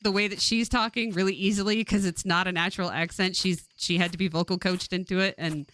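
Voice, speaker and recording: A woman's voice: lowish voice, brisk. A woman in her forties from California, chatting casually and laughing often while streaming a game. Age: 40s. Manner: rambling, laughs often, animated.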